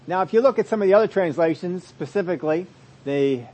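Fairly high-voiced male preacher. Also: expressive, quick pace. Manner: expository preaching, swings from loud emphasis to soft asides. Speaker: pastor. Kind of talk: sermon.

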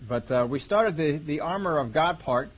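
A man preaching a conversational Bible-teaching sermon, slowing down and stretching key words for emphasis. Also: on the high side, expressive, breathy edge, muffled recording. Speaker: pastor.

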